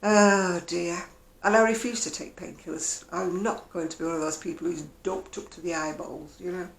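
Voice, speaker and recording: A woman talks in a casual home vlog, chatty and wry, her voice gravelly with fry. The room around her is roomy and echoey. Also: on the low side, fairly even intonation, normal speed. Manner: chatty, wry, mimics other people's voices. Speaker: vlogger. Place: at home, indoors.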